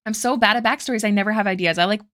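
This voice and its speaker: Bright-voiced young woman streamer chatting. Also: medium pitch, rapid-fire. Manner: chatty, bubbly, reads chat aloud and thinks aloud. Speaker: art streamer. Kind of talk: casual live-stream chat while drawing.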